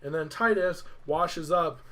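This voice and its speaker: A man's voice: on the high side, unhurried, sharp tone. Rambling young man recapping a game. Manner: rambling, filler-heavy storytelling with "like". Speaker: let's play host.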